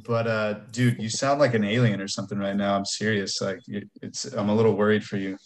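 A man's voice: fairly low pitch, flat delivery, a little fast. A man hosting a casual sports podcast, loose and profane as he introduces the segments. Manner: loose, swears freely, announces segments. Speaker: podcast host.

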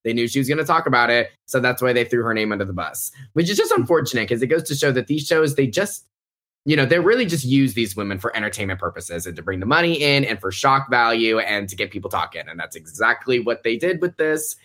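A man's voice: medium pitch, animated, fast talker, pushed and bright. A man guest on a podcast, giving firm opinions in casual talk with many "like" fillers. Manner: earnest opinionated venting with "like" fillers. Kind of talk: casual gossip chat.

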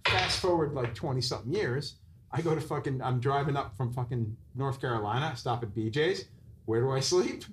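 A man's voice: mid-range voice, brisk, rough recording. A man, a tattoo artist guest, telling a story in casual chat and swearing constantly. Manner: profane, animated storyteller.

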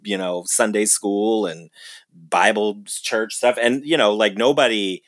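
Casual ranting guy, tense bright voice, dry sound, cusses a lot. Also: fairly low pitch, steady tone, measured pace, dry recording. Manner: ranting, swearing, laughing often. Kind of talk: casual chat.

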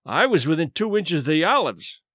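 A male storyteller voicing a ruined young gentleman who speaks quietly and with dry irony. The delivery is low-key and languid, close and dry. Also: very animated, moderate pace, no echo, exaggerated voice. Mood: dry ironic.

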